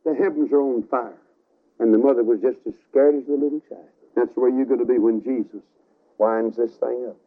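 A man preaching a revival sermon, telling a story dramatically with sudden swings between loud and soft, on a tinny radio broadcast recording. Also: mid-range voice, fairly even intonation, normal speed.

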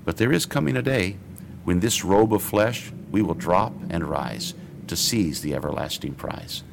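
A radio pastor, a man, gives an earnest, measured Bible teaching and reads scripture aloud in old King James phrasing. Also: sits low, vocal fry, noisy background.

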